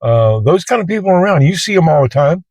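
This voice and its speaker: A fairly high-pitched man talks casually to camera from his parked car, rambling and colloquial as he tells a story. The sound is dry and close, with no room echo. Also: very animated, fast, darkish tone. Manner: plain-spoken, colloquial, rambling. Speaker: Uber driver and vlogger.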